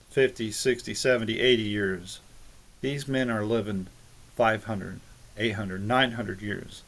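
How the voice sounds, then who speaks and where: A man giving a rambling, halting monologue on scripture, arguing with critics he addresses directly. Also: medium pitch. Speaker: religious video maker.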